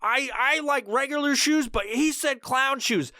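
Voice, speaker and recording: A man's voice: very high-pitched, measured pace, sharp tone, no room sound, studio quality, pitched above the performer's own voice, full character voice. A man doing a goofy, gullible male fan. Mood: goofy, earnest. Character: gullible dim-witted male fan, eager follower. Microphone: headset.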